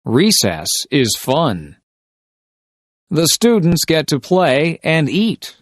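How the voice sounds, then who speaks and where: A man reading simple short stories slowly and deliberately for English shadowing practice. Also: a little high, wildly swooping pitch, no echo, clean studio sound. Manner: deliberate, carefully paced reading of short sentences. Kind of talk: slow scripted story reading for shadowing practice.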